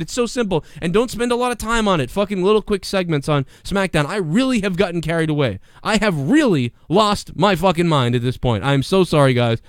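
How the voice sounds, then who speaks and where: A man reviewing a wrestling show on a livestream, rambling and swearing in casual, excitable talk. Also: sits high, clean tone, dry recording, clean studio sound. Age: adult parent. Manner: profane, rambling, excitable, acts out bits in quotes.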